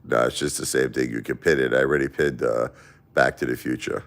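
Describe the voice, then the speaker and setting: A middle-aged man with a thick Brooklyn accent hosts a casual livestream. His voice sits very low. He rambles and repeats himself as he lectures his chat directly. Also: fairly even intonation, brisk, fairly bright tone. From Brooklyn, New York. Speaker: livestream host.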